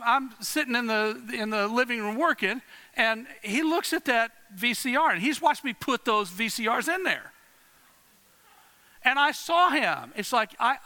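A middle-aged male pastor with a high, very bright voice delivers a sermon. He tells stories in repeated phrases, drops to a hush and then rises loud. The sound rings with the long reverb of a large hall. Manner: dramatic swings from hushed to loud.

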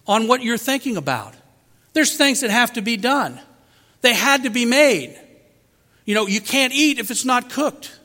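A man's voice: very high-pitched, sharp tone. A man preaching a sermon as pastor, asking rhetorical questions and acting out quotes. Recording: long hall reverb.

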